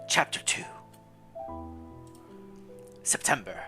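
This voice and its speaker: A man's voice: slow, over music. A man streamer reading a story game aloud with playful commentary, laughing often between the lines.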